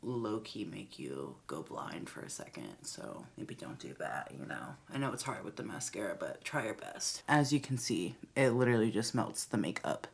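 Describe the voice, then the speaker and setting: A woman's voice: extremely low pitch, lively intonation, moderate pace, vocal fry, few pauses. A young woman chatting candidly in a casual vlog, swearing freely as she talks. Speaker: vlogger, pro bodybuilder.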